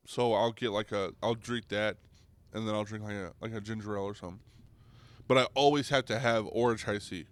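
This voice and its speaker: A man's voice: normal speed, pauses often, clear, resonant tone, no echo. Profane rambling young podcast guy. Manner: rambling, profane, restarts, goes loud and high when riled. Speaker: podcast host. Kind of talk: comedic rant.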